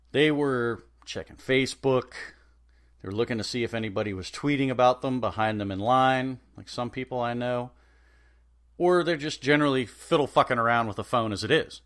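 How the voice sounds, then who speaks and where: A man's voice: medium pitch, fairly bright tone. Brief: male podcast host, profane sarcastic rant, mid-range voice. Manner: sarcastic, swears freely.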